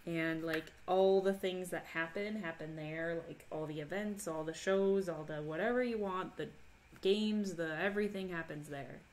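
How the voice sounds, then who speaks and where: A woman's voice: fairly low pitch, moderate pace, hardly any pauses. A woman from Minnesota chatting casually on a crafting livestream, reading chat aloud and laughing often. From Minnesota, USA. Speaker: livestream host.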